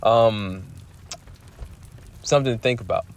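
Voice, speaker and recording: A man's voice: on the low side, unhurried, slight background noise. Man ranting with constant swearing. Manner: heated, swearing, repeats himself. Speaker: vlogger. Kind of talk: profane storytelling rant.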